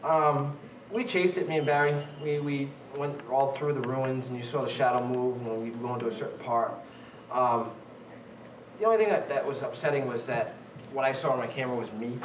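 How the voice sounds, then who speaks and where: A paranormal investigator telling funny stories at a conference, animated and laughing at himself. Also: male voice, mid-range voice. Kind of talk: conference talk, storytelling. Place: conference hall. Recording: echoey hall, far from the mic, noisy.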